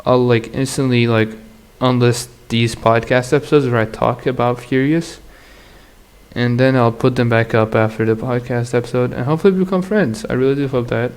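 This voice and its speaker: A man talks alone on his own podcast in a rambling, crude, slangy monologue full of laughs. His voice is mid-range and clean, with fairly even intonation at normal speed.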